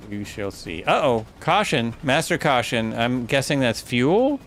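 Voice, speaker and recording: A man's voice: mid-range voice, very animated, measured pace, a bit bright, slight background noise. A man streaming a flight simulator, chatting casually and thinking aloud, often stopping to correct himself. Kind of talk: casual live gameplay commentary.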